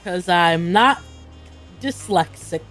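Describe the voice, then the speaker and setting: A woman's voice: fairly low pitch, lively intonation, slow pace, a bit bright, faint music behind. A young woman streaming a game live, swearing freely and putting herself down. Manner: swears a lot, self-deprecating. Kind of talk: casual live gameplay chat.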